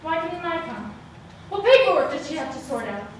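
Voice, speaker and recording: A young woman performing a solo stage monologue, dramatic, moving between hushed and shouted lines, recorded live from a distant mic on a theater stage. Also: sits high, very animated, moderate pace, slight background noise. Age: young adult. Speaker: student performer. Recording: echoey hall sound from a distant mic.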